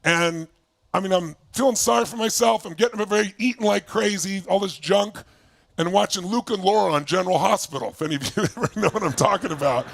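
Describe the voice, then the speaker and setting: A man's voice: sits high, brisk, gravelly, a bit bright, no room sound. A man in his sixties giving a motivational talk from his home basement, telling stories animatedly and acting out remembered dialogue. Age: 60s. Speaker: motivational speaker. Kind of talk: motivational talk to an online audience.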